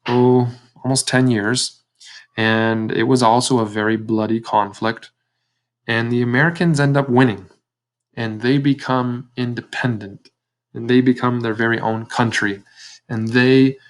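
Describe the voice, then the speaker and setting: A man's voice: mid-range voice, fairly bright tone. A male teacher giving a recorded history video lesson to seventh graders in a conversational way, often speaking straight to the students and correcting himself. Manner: conversational, self-correcting, addresses students directly.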